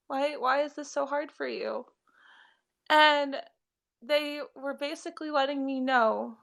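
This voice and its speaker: A young woman, a spiritual reader, crying as she speaks warmly and earnestly to viewers on a live stream. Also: high-pitched, gravelly. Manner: tearful, heartfelt, affectionate.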